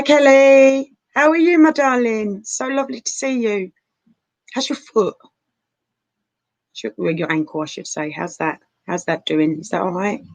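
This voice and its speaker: A woman's voice: mid-range voice, dry recording, rough recording. Chatty woman reading tarot. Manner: chatty, calls viewers darling and honey. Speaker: tarot reader. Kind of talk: live-stream tarot reading. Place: living room sofa at home.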